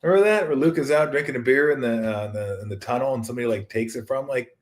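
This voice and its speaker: A man's voice: mid-range voice, quick pace. Rambling, joking man hosting sports talk. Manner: rambling, jokey, acts out quoted voices. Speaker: sports talk show host. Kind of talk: casual solo sports talk.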